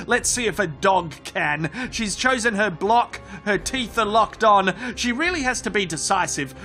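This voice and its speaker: A man's voice: high voice, bright, forceful tone. A man with an Australian accent narrating comic voiceover, cheeky, sweary and mock-dramatic. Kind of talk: comic nature-documentary voiceover.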